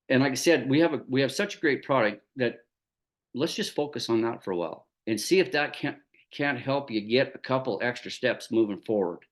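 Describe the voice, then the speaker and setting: A man giving a casual motivational talk about his small business, folksy and conversational, acting out the dialogue of his stories. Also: mid-range voice. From Canada. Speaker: network marketing business trainer.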